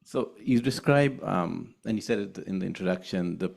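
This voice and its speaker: A man's voice: sits low, normal speed, creaky, darkish tone. A man in the audience asking a hesitant question at a live talk.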